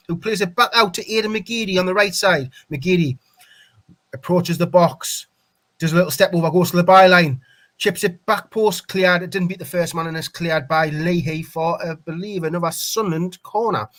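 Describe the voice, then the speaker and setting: A man calling a football match live for a fan stream, excitable and leaping up on chances. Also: sits high, normal speed.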